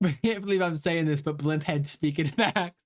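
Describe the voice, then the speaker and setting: A man streaming live, reacting to a story game in an excitable, swearing, laughing way. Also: fairly high pitch, normal speed.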